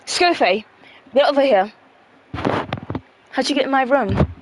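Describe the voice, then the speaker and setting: A woman's voice: high voice, unhurried, background noise. A woman chatting casually on a livestream, blunt and profane, rambling with fillers.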